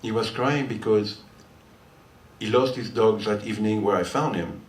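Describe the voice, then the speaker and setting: A man's voice: fairly low pitch, normal speed. Older French-accented man telling a story. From France. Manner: chatty, rambling, often laughing as he tells it. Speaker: guitarist performing on stage. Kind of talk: storytelling between songs at a concert. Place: listening hall before a live audience. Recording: roomy hall sound from far off, faint noise.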